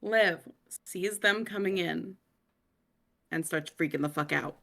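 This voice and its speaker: Gravelly woman playing a tabletop game. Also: on the low side, takes it slowly, a bit bright. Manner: hesitant, rambling. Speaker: player. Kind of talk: casual tabletop game talk.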